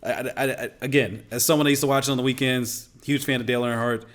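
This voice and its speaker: A man's voice: medium pitch, steady tone, quick pace, fairly bright tone. A man co-hosting a sports show, teasing and pushing his partner along in casual banter. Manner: playful, pushy teasing.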